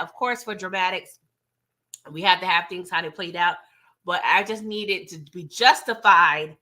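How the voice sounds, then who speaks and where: A woman's voice: medium pitch, bright, forceful tone. A woman recapping a TV episode in casual commentary, chatty and talking straight to her viewers, often laughing. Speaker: TV recap reviewer.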